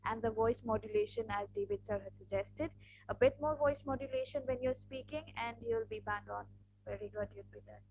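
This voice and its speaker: A woman's voice: a little high, a little fast, a little mellow, slight background noise, poor audio. Encouraging woman evaluator. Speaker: speech evaluator. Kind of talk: casual spoken feedback.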